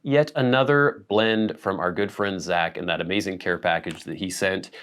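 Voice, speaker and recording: Chatty man with a low voice. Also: normal speed, fairly bright tone. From Pacific Northwest, USA. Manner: chatty, musing, with small laughs and self-corrections. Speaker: channel host. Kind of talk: casual vlog chat to camera.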